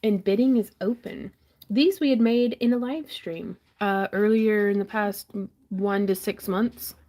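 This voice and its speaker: A woman's voice: mid-range voice, measured pace, dark tone. Woman host, chatty and giggly, pokes fun at herself. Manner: giggly, self-deprecating, chatty. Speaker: host of a live jewelry auction stream. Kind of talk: casual live-stream chat.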